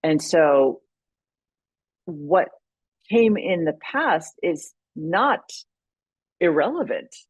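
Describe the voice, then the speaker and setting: A woman's voice: deep voice, sing-song, very slow, long pauses, slightly rough, no echo, muffled recording. A woman guest on a podcast interview, explaining her ideas thoughtfully and often restarting her sentences. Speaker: podcast guest, leadership consultant. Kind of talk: conversational interview.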